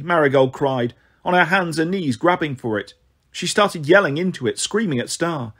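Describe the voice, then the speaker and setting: A man reading a children's novel aloud as steady first-person narration. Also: fairly high pitch, moderate pace, breathy edge. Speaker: audiobook reader.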